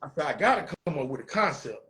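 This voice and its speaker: A man with a St. hosting a casual conversation, telling profane, animated stories. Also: a little high, fast, slight background noise, rough recording. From north side of St. Louis. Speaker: host.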